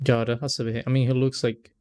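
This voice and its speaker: A man chatting loosely while he plays a game on stream. His voice is warm and mellow at a middle pitch. He rambles, laughs and stumbles over words. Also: little pitch movement, fast, clear, resonant tone. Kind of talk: casual let's-play chat.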